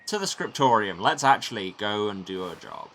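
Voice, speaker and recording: A man's voice: lowish voice, very animated, moderate pace, vocal fry, a bit bright, slight background noise. A man giving chatty, joking commentary while playing a video game. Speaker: let's play host.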